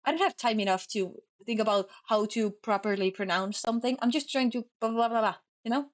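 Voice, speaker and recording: A young woman from Finland with a Finnish accent, chatting casually on stream, talking fast and sloppily and stumbling over her words. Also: on the high side. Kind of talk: casual chat.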